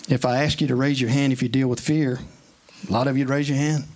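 A man's voice: mid-range voice, level tone, quick pace, darkish tone. A man preaching a sermon in an earnest, conversational way, mixing scripture with plain everyday stories.

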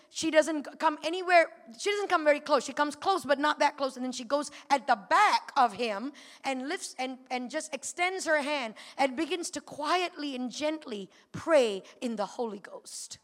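Woman giving a testimony in church, very high voice, long hall reverb, lively chatty storyteller. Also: normal speed. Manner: lively, chatty storytelling with frequent laughs and rising emotion. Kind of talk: personal testimony storytelling to a congregation. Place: church sanctuary.

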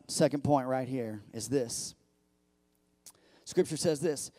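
Man preaching a lively sermon. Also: mid-range voice, unhurried, long pauses, no room sound. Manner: lively preaching, swinging from loud peaks to quiet asides; repeats words when building up. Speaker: pastor.

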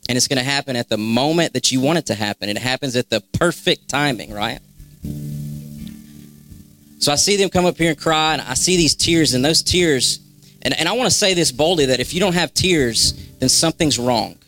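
A man's voice: mid-range voice, lively intonation, fairly quick, fairly bright tone, soft background music. A young man giving a spontaneous, fervent exhortation in a church, repeating phrases for emphasis. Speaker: church member sharing a word. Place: church sanctuary.

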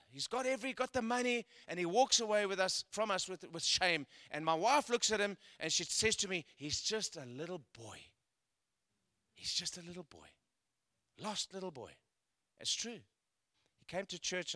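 A man preaching a sermon, telling stories and swinging between loud emphatic peaks and quiet asides. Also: high voice, no room sound. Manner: storytelling, building to loud emphatic peaks then dropping quiet. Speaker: guest preacher.

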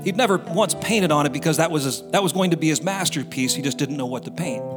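A man preaching a sermon as pastor, animated and acting out the quotes he tells. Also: fairly high pitch, fast. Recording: roomy hall with music behind.

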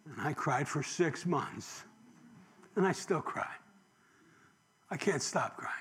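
A man in his sixties preaching a sermon, firing rhetorical questions and swinging from loud emphasis to emotional near-whispers. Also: fairly high pitch, lively intonation, slow pace. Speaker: pastor.

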